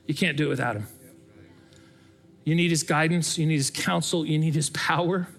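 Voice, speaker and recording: A middle-aged man giving a sermon, earnest and conversational, telling stories from coaching softball. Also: a little high, normal speed, vocal fry. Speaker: pastor.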